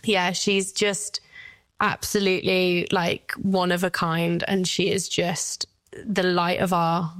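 A woman's voice: on the low side, level tone, slow, fairly bright tone, dry recording. A woman in her thirties, a guest mother speaking candidly about her daughter, at times tearful, with light laughs. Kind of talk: emotional personal interview.

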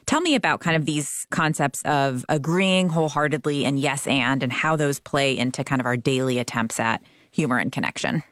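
A woman with a low voice hosts a conversational interview. She talks in a relaxed, chatty way with plenty of fillers and laughs easily. The sound is dry and close. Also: moderate pace, hardly any pauses, dry recording. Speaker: interview host.

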